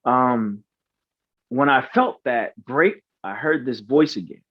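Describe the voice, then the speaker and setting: Earnest halting man, dull dry podcast audio. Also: mid-range voice, breathy edge, no echo. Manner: halting, earnest, many restarts and fillers. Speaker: podcast guest, veteran. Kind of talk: personal storytelling in interview. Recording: slightly dull, dry recording.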